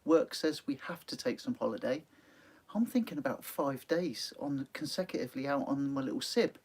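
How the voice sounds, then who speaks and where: A man's voice: mid-range voice, moderate pace, a little mellow, husky. Chatty man hosting a live stream. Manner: chatty, laughs often, many ums. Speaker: sea angling channel host. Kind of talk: live stream chat reading viewer comments. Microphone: phone.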